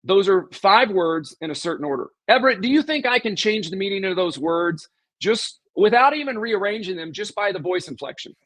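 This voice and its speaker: A man's voice: sits high, expressive, a little fast, a bit bright, no room sound. A man from southwest Missouri, a podcast guest, emphatically explaining sales scripts with examples and questions to the host. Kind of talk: casual interview talk.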